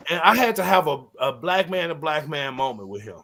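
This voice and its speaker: A man co-hosting a podcast, ranting in casual chat, laughing and breaking into shouts. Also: a little high, expressive, brisk, creaky, hardly any pauses, slight background noise. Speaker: podcast co-host.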